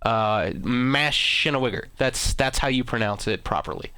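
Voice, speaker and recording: Male gaming host, deadpan sarcastic commentary, smooth voice, dry close mic. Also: fairly low pitch, normal speed, no room sound. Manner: deadpan mock-arrogant boasting.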